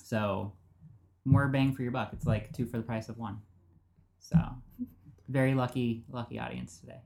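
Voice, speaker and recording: A man hosting a radio podcast, introducing guests in a relaxed, casual way with plenty of fillers. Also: mid-range voice, moderate pace, creaky, a little hiss or hum.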